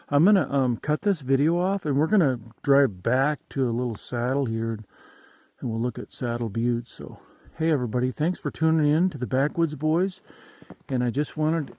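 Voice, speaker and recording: A man's voice: mid-range voice, warm tone. A man in his fifties rambling folksily with lots of fillers, vlogging outdoors at night in the countryside. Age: 50s.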